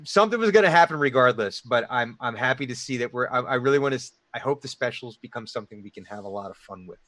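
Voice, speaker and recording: A man who is the game master, talking through a session recap in a halting way with many ums and restarts. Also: medium pitch, animated, fairly bright tone, dry recording. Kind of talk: post-session recap chat.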